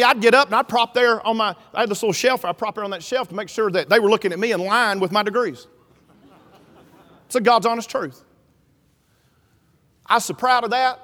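A middle-aged man preaching a sermon, telling a story and building up to shouting. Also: sits high. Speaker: pastor. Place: church sanctuary. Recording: reverberant hall.

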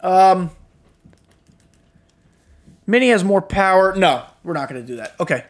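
A young man with a notably high voice talks through a casual gaming podcast. He is tired and a little drained, yet blunt and frustrated, dropping swears freely. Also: expressive, unhurried, long pauses. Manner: blunt and profane, frustrated asides. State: tired, yawning. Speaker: podcast host.

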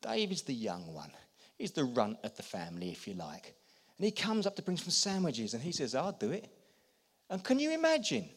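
A man preaching a sermon, animated and acting out quotes, swinging between loud and quiet. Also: mid-range voice, brisk.

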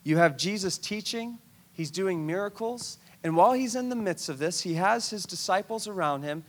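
A male pastor preaching a conversational sermon, retelling a scripture story in an animated, storytelling way. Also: sits high, moderate pace.

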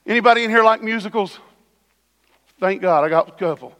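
A man's voice: high voice, brisk, vocal fry, fairly bright tone. A man preaching a sermon as pastor in a church, conversational with sudden emphatic bursts. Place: church sanctuary. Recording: long hall reverb.

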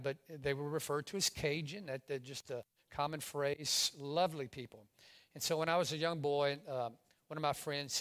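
Animated preacher man from Louisiana. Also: on the high side. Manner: animated, swings from loud exclamations to hushed asides. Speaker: pastor. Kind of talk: sermon.

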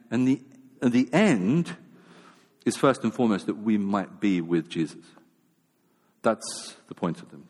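A man's voice: fairly low pitch, a little mellow. A man preaching a sermon in a casual, self-deprecating manner, with many fillers and restarts. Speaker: pastor. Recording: long reverb of a large hall.

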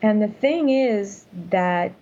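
A woman's voice: medium pitch, lively intonation, slow, warm tone, highs cut off. An older woman telling her story as an interview guest, earnest and emphatic, speaking from home over a call. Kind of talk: casual interview talk. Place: home room.

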